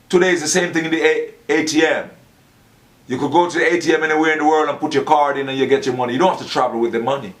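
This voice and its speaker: A man's voice: on the high side, fairly even intonation, very fast. A man talking in a rambling, preachy monologue, acting out the dialogue he quotes. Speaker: Rasta speaker. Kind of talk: casual monologue.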